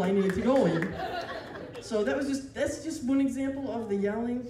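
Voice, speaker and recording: A man doing live stand-up, telling a story in a rambling, animated way. He often laughs as he talks and breaks off into asides and restarts. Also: very high voice, normal speed, far from the mic. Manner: self-interrupting with restarts and asides. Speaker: stand-up comedian. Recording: roomy venue taped from afar. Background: audience laughter and room noise.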